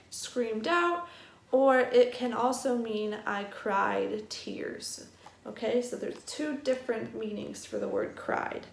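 A woman teaching a first grade vocabulary lesson at a distance, spelling each word out slowly and explaining it gently for young children. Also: on the high side. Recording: echoey room.

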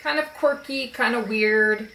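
A woman chatting casually and slowly about her favorite card decks, with relaxed fillers as she shows them. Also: a little high, far from the mic. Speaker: spiritual video creator. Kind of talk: casual show-and-tell chat. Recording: roomy echo, voice a bit off-mic.

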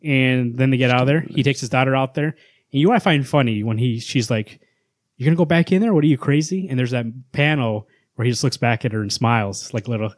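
A man co-hosting a comics podcast, retelling a story with lively energy and putting on voices for the characters he quotes. His voice sits at a middle pitch and is recorded close and dry. It sounds like friends chatting around a table. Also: fairly quick, dry recording. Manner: animated storyteller, acts out lines from panels. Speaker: podcast co-host. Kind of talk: casual chat, recapping a comic.

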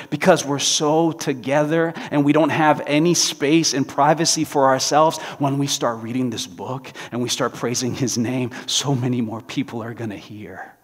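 Here a pastor with a mid-range voice gives a sermon inside a church sanctuary. His storytelling is lively, and he performs the quoted voices of the figures in his tales. A long church-hall reverb surrounds his words.

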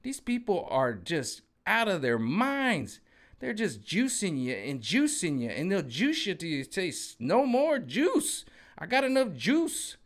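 A man delivering a sarcastic, animated political rant as a vlogger, acting out voices of others. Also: sits high, slow pace. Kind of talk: ranting political commentary monologue.

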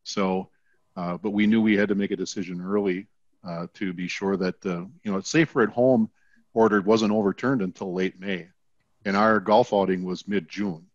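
Low-voiced man, dull call audio. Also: fairly even intonation, no room sound. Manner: measured, hesitant explaining. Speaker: fire department guest. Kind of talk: video call panel discussion.

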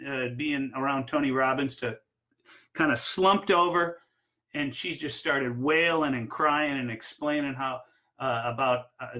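A man coaching barefoot water skiing, telling personal stories in an energetic way with frequent fillers. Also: medium pitch, low-quality recording. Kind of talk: instructional talk with personal stories.

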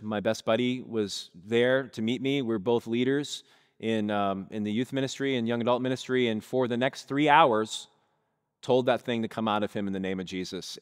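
Storytelling male pastor in echoing church. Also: medium pitch. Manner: vivid storytelling, addresses congregation. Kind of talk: sermon storytelling. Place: church sanctuary. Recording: long reverb of a church hall.

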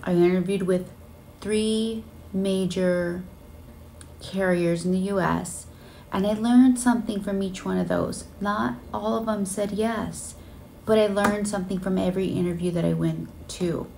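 Earnest woman vlogger, gravelly edge. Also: mid-range voice, fairly even intonation, unhurried, a little mellow, slight background noise. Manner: earnest and emotional, many fillers. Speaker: flight attendant vlogger. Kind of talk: casual storytelling vlog. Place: hotel room on a layover.

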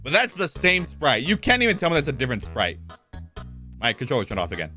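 Lively streamer, crisp bright voice, cursing, soft game music behind. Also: male voice, medium pitch, quick pace. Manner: animated, swears casually, jokes. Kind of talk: live gameplay commentary.

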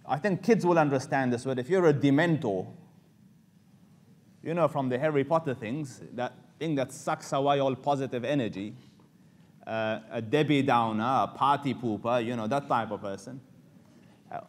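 A man's voice: medium pitch, animated, measured pace. A man teaching an Islamic lecture in a loose, conversational way, full of fillers and Arabic phrases.

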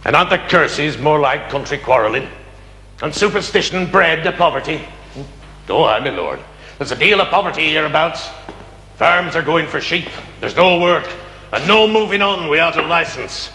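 An actor playing a stern county magistrate who speaks to a jury in a declamatory, questioning manner, from a 1970s television drama. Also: male voice, fairly high pitch, expressive, normal speed, bright, forceful tone, slight background noise. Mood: brooding. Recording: echoey reverberant old film sound.

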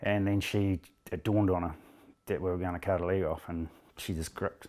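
A man's voice: low-pitched, steady tone, normal speed, a little mellow. A middle-aged man with a New Zealand accent, recounting a rescue in plain, blunt words during an interview. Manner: plain-spoken, blunt storyteller.

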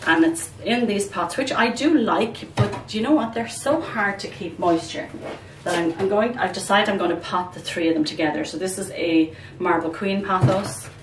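A woman's voice: medium pitch, moderate pace. A middle-aged woman chatting casually while she repots her plants, rambling and calling her viewers "guys". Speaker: plant vlogger. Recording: echoey room, distant mic, background noise.

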